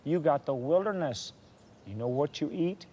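A man's voice: on the high side, animated, moderate pace, dark tone, muffled recording, slight background noise. A man telling a historical story from a Christian view, earnest and given to preachy asides to his listeners.

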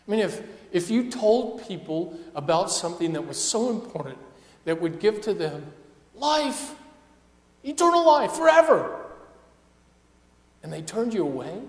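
A male pastor preaching a sermon with passion, dropping to a hush and then rising to loud emphasis. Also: high voice, very animated, unhurried, long pauses. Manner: impassioned preaching, swinging between hushed and loud. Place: church sanctuary. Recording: echoey church hall.

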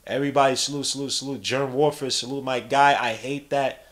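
A young man hosting a podcast, giving casual live play-by-play and reading the chat aloud in an animated, slangy way. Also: medium pitch, brisk. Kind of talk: casual live-stream commentary.

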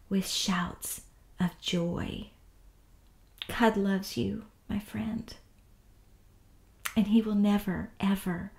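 Slow soft-spoken woman Bible teacher. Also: mid-range voice, gravelly, echoey room. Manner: soft, often whispery and tender delivery.

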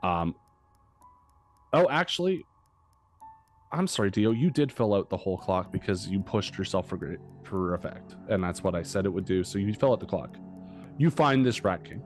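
A man's voice: sits low, expressive, moderate pace, long pauses, soft background music. A man narrating as game master of a tabletop game, hesitant and full of fillers.

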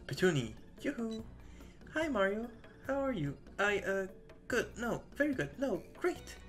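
A man voicing an excitable young flower girl who stumbles over her words in a high, bubbly voice. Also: a little slow, soft background music. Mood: giddy.

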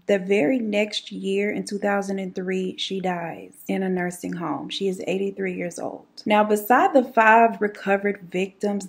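Husky, gravelly woman chatting. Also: mid-range voice. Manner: chatty, sassy asides. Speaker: beauty and true crime YouTuber. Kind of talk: casual vlog storytelling while doing makeup.

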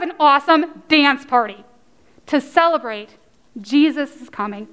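A woman leading a children's message at church, telling a story with excited cheers and coaxing the kids to join in. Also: high-pitched, a little slow. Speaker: children's sermon leader.

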